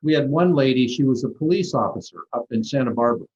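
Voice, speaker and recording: A middle-aged man, a plastic surgeon, talking through patient stories in a relaxed, rambling interview with frequent restarts. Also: mid-range voice, fast. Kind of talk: conversational interview storytelling. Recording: dull lo-fi audio.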